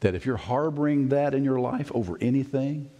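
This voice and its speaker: A man's voice: medium pitch, fairly quick, mellow, highs cut off. A middle-aged male pastor delivering a sermon, telling a family story and acting out the voices in it. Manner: storytelling preacher, acts out voices and asides.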